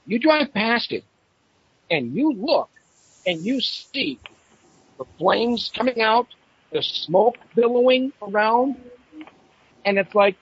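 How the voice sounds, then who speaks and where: A man with a lively, swooping voice, spinning animated yarns on an internet radio show. His voice is a little husky and sits on the high side. The audio is dull and lo-fi. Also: takes it slowly, pauses often. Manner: animated storyteller, acts out voices in his stories.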